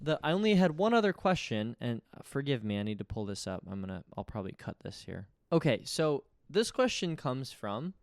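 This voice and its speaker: Talking fairly quickly with hardly any pauses, a young man rambles through a casual solo episode of his podcast, mocking himself and repeatedly restarting sentences. His medium-pitched delivery is sing-song, captured at studio quality with no room sound.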